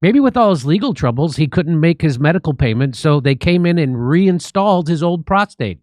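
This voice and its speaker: A male comedy host riffs in a sarcastic, mocking tone, his voice pitched a bit high and swinging widely up and down. The sound is close and dry, with no room behind it. He delivers his satirical commentary with punchy, joking timing. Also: lively intonation, moderate pace, a little mellow, no echo.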